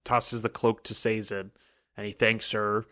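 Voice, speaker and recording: A man's voice: on the low side, little pitch movement, a little slow, pushed and bright. A man co-hosting a book podcast, retelling the chapter in casual chat and briefly acting out the characters' lines. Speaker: podcast co-host.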